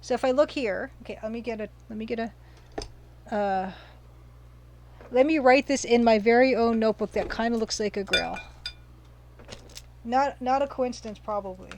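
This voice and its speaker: A woman's voice: on the high side, normal speed, long pauses, darkish tone, slight background noise. A woman casually commenting while streaming a retro game, chatting, reading viewer comments aloud and gushing over the pixel art.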